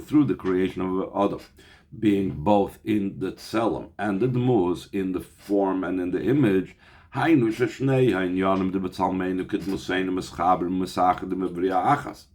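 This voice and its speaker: A man teaches a text study class in a low-pitched voice. He reads Hebrew lines aloud and then explains them in English, with Yiddish terms mixed in. He often restarts and repeats words as he works through the text. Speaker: Torah teacher.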